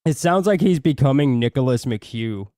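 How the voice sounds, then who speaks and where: A man's voice: mid-range voice, animated, normal speed, mellow, dry recording, studio quality. A man co-hosting a podcast in casual chat, hesitant with many fillers. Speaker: podcast co-host.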